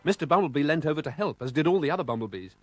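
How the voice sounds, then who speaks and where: Animated British storyteller man. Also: on the high side, very fast, soft background music. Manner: expressive, sound-effect-rich reading. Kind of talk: children's storybook narration.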